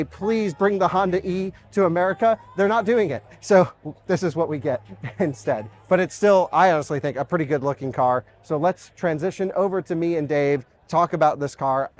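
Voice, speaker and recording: A man hosting a car review, presenting a concept car in a casual, enthusiastic walkaround at an outdoor car show. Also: on the high side. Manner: enthusiastic, talks with fillers and asides. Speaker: automotive reviewer and host.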